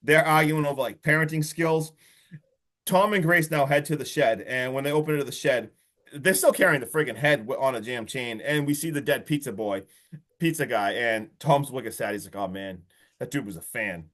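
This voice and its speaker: A man on a podcast excitedly retelling a horror movie's plot in a rambling, casual way. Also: mid-range voice, moderate pace. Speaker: podcast co-host.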